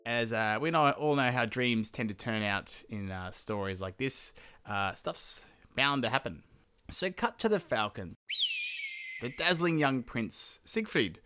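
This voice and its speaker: A man's voice: mid-range voice, bright, forceful tone, slight background noise. A male podcast host casually retelling an old legend on his own, chatty and irreverent, with plenty of filler "uh"s. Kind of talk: casual solo storytelling.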